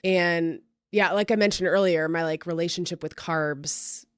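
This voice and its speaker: A young woman hosts a podcast in casual chat. Her voice is slightly low and sounds close and dry. She talks in an enthusiastic, agreeable way. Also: steady tone, clean tone, no room sound. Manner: chatty, enthusiastic, quick to agree. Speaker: podcast host.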